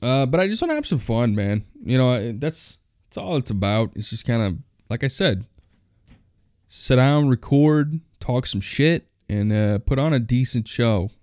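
A man's voice: mid-range voice, sing-song, normal speed, darkish tone, dry recording, clean studio sound. A young man hosting a solo podcast, ranting bluntly and with plenty of swearing. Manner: blunt, profane, complaining. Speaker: podcast host.

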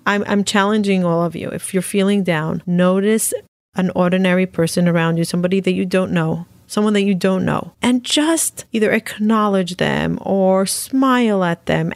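A woman's voice: mid-range voice, vocal fry, no echo, studio quality. A middle-aged woman hosting her own podcast, telling a story in an upbeat way and repeating phrases for emphasis. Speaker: podcast host. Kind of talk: solo podcast monologue.

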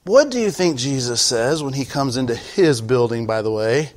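A man preaching a sermon as pastor, swinging from quiet pleading to loud shouting. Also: mid-range voice, lively intonation, normal speed.

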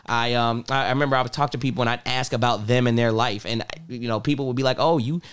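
Young man, from Ohio, podcast guest, casual slangy chat, animated storytelling, dry close sound. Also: fast talker, clean tone, dry recording. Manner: animated storyteller, slangy, voice jumps high when acting out people.

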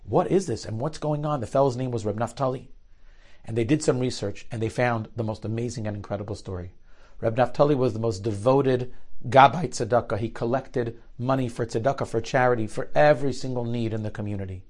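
Male storyteller, mid-range voice, expressive, Yiddish terms. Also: fairly quick. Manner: lively, shifts pitch and volume for quoted characters; uses Yiddish and Hebrew terms. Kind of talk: spoken storytelling.

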